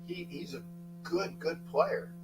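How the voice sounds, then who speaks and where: A middle-aged man hosting a casual sports talk livestream, rambling, thanking chatters by name and breaking into sudden loud outbursts. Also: high-pitched, monotone, slow pace, over music, low-quality recording. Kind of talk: casual live chat with viewers.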